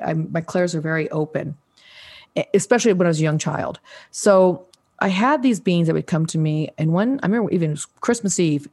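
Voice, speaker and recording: Animated woman in her 60s telling stories. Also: lowish voice. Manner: animated, acts out quoted voices, restarts often. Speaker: podcast guest, psychic. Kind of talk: casual storytelling interview.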